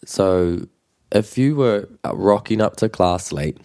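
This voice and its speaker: A man with a New Zealand accent teaching a relaxed language lesson, patiently repeating example phrases slowly. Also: fairly low pitch. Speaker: te reo Māori teacher.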